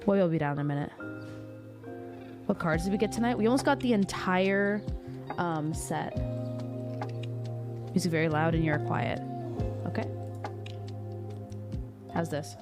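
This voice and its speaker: A woman streamer is chatting with her live chat over a desktop mic. Her voice sits a little low, and she jokes, teases and reads out messages in a loose, playful way. Clear music plays behind her. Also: unhurried, long pauses.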